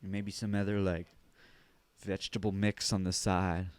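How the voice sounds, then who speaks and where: A man hosting a podcast, telling a comic story in an animated, profane way with sudden shouted bursts. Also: low voice, normal speed, smooth, no echo. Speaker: podcast host. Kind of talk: comedic storytelling monologue.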